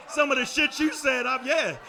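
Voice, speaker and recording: A man's voice: very high voice, gravelly. A man doing a brash, profane stand-up comedy set in a comedy club, riffing with the crowd. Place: comedy club before a live audience. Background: audience laughter.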